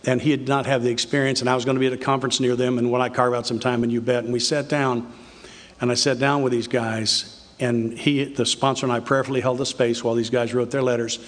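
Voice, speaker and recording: An older man giving an earnest, confessional recovery talk, telling his story with halting restarts. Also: medium pitch, level tone. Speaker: recovery speaker. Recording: reverberant hall.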